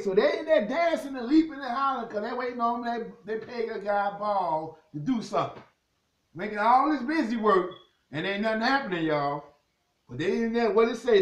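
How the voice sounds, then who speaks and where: A man's voice: very high voice, reverberant, highs cut off. A man preaching a sermon, reading scripture aloud and talking straight to his listeners. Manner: animated preaching, reads scripture aloud, keeps addressing the crowd as "y'all".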